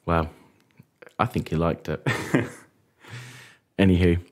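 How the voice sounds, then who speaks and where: Guy on a podcast, lowish voice, dry jokey banter. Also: slow pace. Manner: jokey, deadpan teasing. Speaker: podcast co-host. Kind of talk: casual chat.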